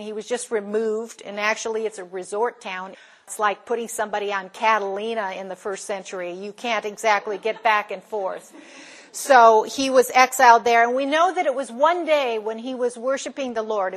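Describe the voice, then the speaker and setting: A woman with a slightly high voice teaches a Bible study, retelling the story in a lively way. She poses questions to the class and then answers them herself.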